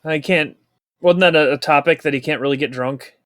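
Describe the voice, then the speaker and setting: A man's voice: a little high, a little fast, fairly bright tone, no echo. A man co-hosting a podcast, making earnest, nerdy fan remarks about a movie in casual chat. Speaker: podcast co-host.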